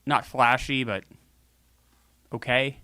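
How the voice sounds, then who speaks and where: A man's voice: medium pitch, steady tone, slow pace, sharp tone, smooth, dry recording. A man hosting a casual video game playthrough, joking with viewers and cursing freely as he comments on the game. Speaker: gaming show host.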